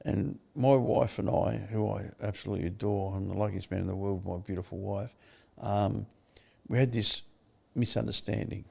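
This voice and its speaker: An older man with an Australian accent, a podcast guest telling his story candidly, blunt and quick to swear. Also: lowish voice, gravelly. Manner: blunt, swears freely, animated retelling.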